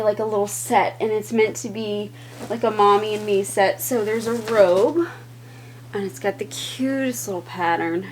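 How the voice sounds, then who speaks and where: A woman's voice: medium pitch, a little hiss or hum. Chatty woman vlogging at home. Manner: chatty, rambling, with fillers and restarts; laughs easily. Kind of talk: casual vlog chat to camera. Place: indoors at home.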